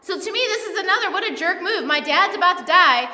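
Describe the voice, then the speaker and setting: A woman's voice: very high voice, animated, brisk, hardly any pauses, bright, forceful tone. A woman pastor giving a sermon in a church, retelling the story in a casual, humorous way. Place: church sanctuary. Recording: echoey church hall.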